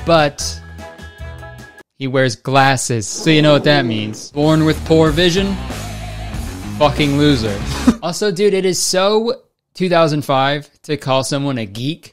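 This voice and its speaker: Male YouTube commentator, sarcastic and jokey, with light music underneath. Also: a little high. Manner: sarcastic, jokey, laughs at his own jokes. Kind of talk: comedic commentary.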